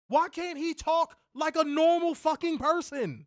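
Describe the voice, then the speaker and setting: High-voiced man ranting in exasperation. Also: unhurried, no room sound, studio quality. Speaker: co-host of wrestling review show. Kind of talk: casual podcast commentary.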